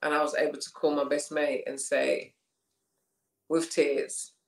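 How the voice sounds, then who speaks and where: A woman's voice: deep voice, flat delivery, unhurried, creaky. A woman talking candidly about her marriage as a guest, often repeating her phrases and breaking into laughs. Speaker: podcast guest. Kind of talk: casual conversation. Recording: roomy echo.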